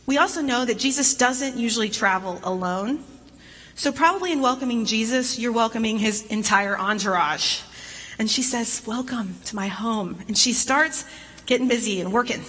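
A woman pastor delivering a sermon in a conversational, gently humorous storytelling manner. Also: fairly high pitch, breathy edge, big-room sound, poor audio.

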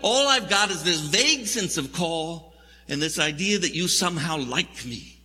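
Guy doing a whiny stressed-out prophet, high husky voice, lots of echo. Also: lively intonation, sharp tone, heavily acted. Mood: exasperated. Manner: whiny, exasperated rapid complaints. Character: anxious complaining male prophet, flustered.

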